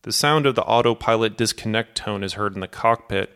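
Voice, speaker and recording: Male documentary narrator, low-pitched, smooth resonant tone, measured scripted delivery. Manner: steady, measured storytelling that acts out cockpit quotes.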